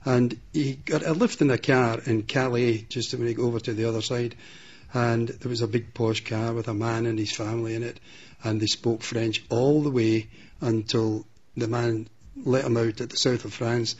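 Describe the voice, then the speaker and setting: A man, telling stories about an old friend in a measured, gently amused way. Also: medium pitch, steady tone, husky, dull audio. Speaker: interviewee recalling a friend. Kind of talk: reminiscing interview.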